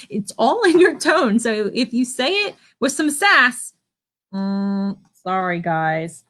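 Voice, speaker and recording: Children's church teacher, woman, slightly high-pitched, encouraging, patient. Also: very animated, measured pace. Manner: gentle, encouraging, asks kids questions. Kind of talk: online children's church lesson. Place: at home.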